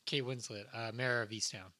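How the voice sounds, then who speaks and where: A man's voice: medium pitch, steady tone, moderate pace, pushed and bright. A man co-hosting a casual movie podcast, rambling and swearing freely as he retells film scenes. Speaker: podcast co-host.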